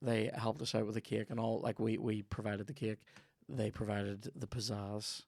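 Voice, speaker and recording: A man's voice: lowish voice, level tone, normal speed, vocal fry, darkish tone, no echo, clean studio sound. A man with a Northern Irish accent hosting a comedy podcast, rambling through a sweary, jokey ad read.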